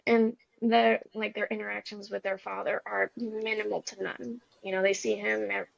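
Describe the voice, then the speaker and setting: Gravelly young woman telling her story. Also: mid-range voice, little pitch movement, normal speed, dry recording. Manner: earnest, rambling, loose. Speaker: guest. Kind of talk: personal story in a conversation. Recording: slightly dull recording.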